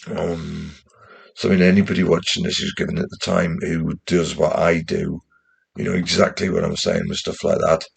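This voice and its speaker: A very deep, gravelly young man with a mixed West Midlands and Geordie accent rambles through a casual vlog monologue. His voice is husky and rough-edged, and he swears freely. He sounds anxious and restless as he talks. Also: flat delivery, normal speed. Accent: mixed West Midlands, Geordie and posh English. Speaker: channel host.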